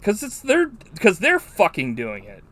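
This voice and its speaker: A man hosting a podcast, chatting casually and recounting a movie in a rambling, profane, animated way. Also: high-pitched, a little slow. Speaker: podcast host. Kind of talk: casual movie-review chat.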